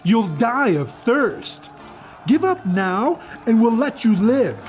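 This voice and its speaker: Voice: medium pitch, big pitch swings, takes it slowly, a little mellow. A boastful enemy messenger sneers and threatens a besieged city , as the narrator of a children's video puts him on. The voice swings up and down as he taunts. Faint music plays under the studio recording. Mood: taunting. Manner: taunting, mocking.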